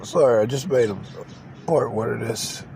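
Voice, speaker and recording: A man with a gravelly, creaky voice rants in a football reaction vlog, emphatic and repetitive and openly emotional. He keeps tagging "man" onto his lines. A clear hum of vehicle noise runs under the whole recording. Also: mid-range voice, normal speed. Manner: openly emotional, says he cries on camera. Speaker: channel host.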